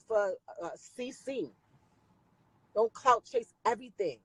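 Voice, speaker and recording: A woman's voice: on the high side, a little slow, long pauses, husky, no room sound, poor audio. A woman in her forties, ranting bluntly and profanely at her viewers on a phone live stream.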